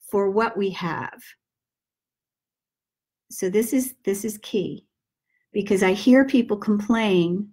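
A middle-aged woman giving a gentle self-help talk, slowly guiding breaths and repeating calming mantras. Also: mid-range voice. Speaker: manifesting teacher.

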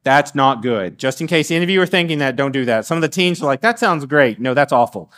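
A middle-aged man giving a sermon as guest preacher, animated, with frequent restarts and acted-out asides. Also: mid-range voice, fast talker. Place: church sanctuary.

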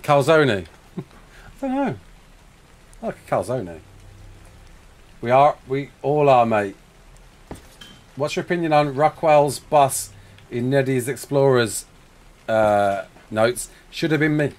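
A British man from the United Kingdom hosts a casual live stream, fielding viewer questions with frequent laughter and plenty of "mate." His medium-pitched voice is animated yet slow, and he pauses often.

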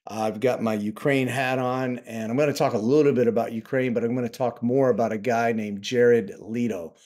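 A man's voice: mid-range voice, steady tone, normal speed, darkish tone. A man talking casually to camera from his home office as a travel vlogger, sarcastic and indignant.

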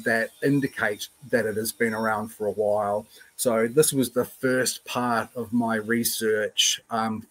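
Kiwi male host, casual and thoughtful, lots of ums, call-style mic. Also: on the low side. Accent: New Zealand. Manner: relaxed, thoughtful, many ums. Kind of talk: casual panel discussion.

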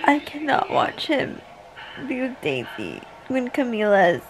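A woman's voice: a little high, huge pitch swings, measured pace, rough recording. A young woman vlogger reacting emotionally to a TV finale, gasping and exclaiming at the screen.

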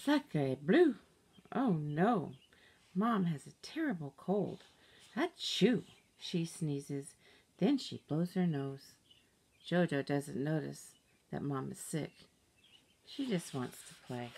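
Woman reading a picture book, low voice. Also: slow pace, gravelly, slightly rough. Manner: expressive, animated storytelling. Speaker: storybook reader.

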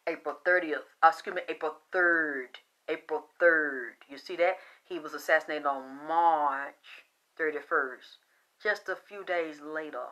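The video's host is a woman with a deep voice who moves at a moderate pace. She relates a wandering conspiracy story in a lively, conspiratorial style, alternating loud and soft passages.

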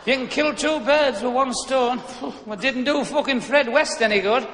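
Profane comic in an echoey hall. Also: male voice, very high voice, normal speed. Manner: profane, blunt, punchy delivery. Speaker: stand-up comedian. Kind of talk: crude stand-up routine. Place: live venue with an audience. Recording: echoey live hall with background noise.

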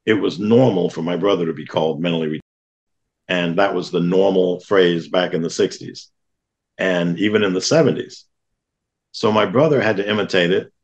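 A man's voice: low-pitched, dull audio. A middle-aged man, a podcast guest, earnestly telling childhood memories in a plainspoken way. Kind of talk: storytelling in an interview.

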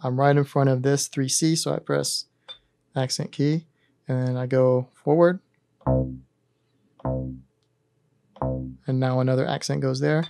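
A man hosting a synthesizer tutorial, calmly talking through each button press in a methodical step-by-step demonstration. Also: mid-range voice, unhurried, vocal fry, long pauses, soft background music.

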